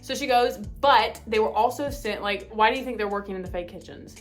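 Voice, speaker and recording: A book vlogger, a bubbly woman in her twenties with a mid-range voice, chats casually about books over faint background music. She gushes and piles on fillers, her lively voice speeding up whenever she gets excited.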